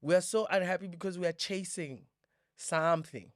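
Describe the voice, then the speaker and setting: A man's voice: sits high, normal speed, no room sound, clean studio sound. A South African man in his thirties hosting a casual podcast chat, playful and slangy, given to joking asides. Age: 30s. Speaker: podcast host.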